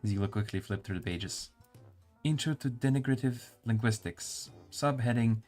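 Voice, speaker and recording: A man's voice: mid-range voice, normal speed, darkish tone, faint music behind. A male streamer reading game dialogue and narration aloud, musing and stumbling over hard words.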